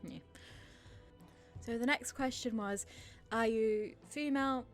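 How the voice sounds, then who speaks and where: A woman's voice: on the high side, takes it slowly, faint music behind. A woman of thirty from Australia with an English-sounding accent, answering viewer questions in a nervous, self-deprecating, rambling way. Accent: English-sounding, from a British father. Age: 30s. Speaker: channel host. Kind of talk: nervous Q&A chat to camera.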